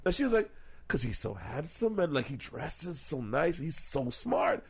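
A young man co-hosting a podcast, telling stories in a profane, animated way and putting on voices for the people he quotes. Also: on the high side, moderate pace, breathy edge. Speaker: podcast co-host. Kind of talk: casual podcast banter.

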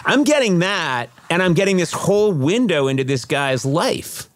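A middle-aged man, a podcast guest, telling funny anecdotes in a casual, animated way and doing voices for other people. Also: sits high, moderate pace, dry recording. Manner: animated, does lively voices in his anecdotes. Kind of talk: casual storytelling.

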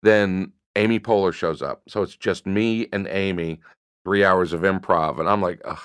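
A man talking casually and telling stories about improv, bursting into high voices as he acts out characters. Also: moderate pace, clear, resonant tone, dry recording, clean studio sound. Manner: animated storyteller, jumps high acting out voices. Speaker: improv comedian guest. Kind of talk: casual storytelling chat.

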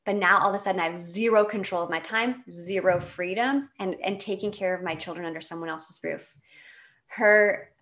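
A woman in her late thirties from Canada, a guest telling a personal story in a candid, animated way, with laughs and restarts. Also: on the low side. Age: 30s.

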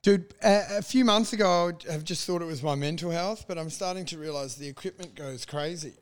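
A man's voice: a little high, a little fast, clean tone. A man co-hosting a comedy podcast with wry, rambling banter. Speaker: podcast co-host.

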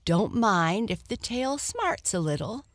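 A woman's voice: medium pitch, very animated, takes it slowly, no echo, voice pushed up. A woman voicing a sly male fox in a storybook tale, coaxing and persuasive. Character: sly, smooth-talking male fox trickster.

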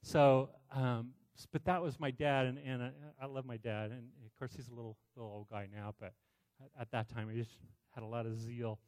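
A man's voice: medium pitch, moderate pace. Man preaching a sermon with a personal story. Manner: storytelling, animated, many restarts. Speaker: pastor.

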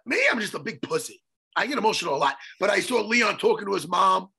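A man with a high, gravelly and husky voice that swings up and down a lot. He talks in a bright, tense way, swearing freely and joking around in casual chat. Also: fast. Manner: profane, animated, joking.

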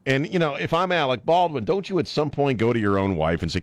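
A sarcastic man hosting talk radio, his pitch bouncing all over as he mocks and rants. The sound is dry and close, with no room around it. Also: quick pace, few pauses, no room sound. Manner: sarcastic, mocking, animated. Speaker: radio talk show host.

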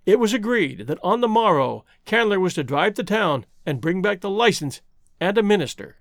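A man narrating a classic novel as an audiobook in a measured, expressive reading. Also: high voice, dry recording, studio quality.

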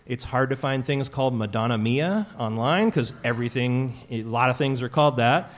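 Chatty man hosting a live trivia show. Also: mid-range voice. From California. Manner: chatty, joking, halting with fillers. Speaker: quiz show host. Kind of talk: live audience trivia talk. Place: stage with a live audience.

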